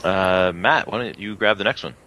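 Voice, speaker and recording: A man co-hosting a casual podcast, talking in a halting, agreeable way with frequent restarts. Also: sits low, pushed and bright. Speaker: podcast co-host, shooting club president.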